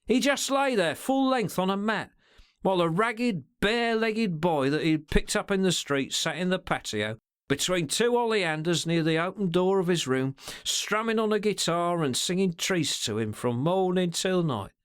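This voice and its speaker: A man's voice: high-pitched, expressive, clean tone, voice pushed up. Man putting on a sly, sneering henchman. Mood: scornful. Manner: slangy, sneering, drawn-out remarks. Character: sly, stealthy male secretary, cold menace.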